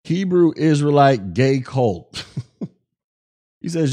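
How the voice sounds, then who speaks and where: A man's voice: high-pitched, lively intonation, measured pace. A male podcast host on a live stream, ranting in a profane, mocking way at critics.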